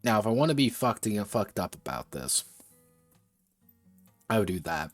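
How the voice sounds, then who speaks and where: A man's voice: on the low side, very animated, normal speed, dry recording, soft background music. A man streaming as he designs a tabletop game, thinking aloud in a muttering way, often correcting himself and swearing casually.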